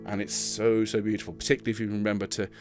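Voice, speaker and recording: A choir director with a lowish male voice leads an online rehearsal at a racing pace and with flat delivery. Encouraging and chatty, he counts the singers in and sings phrases to demonstrate, with piano in the background.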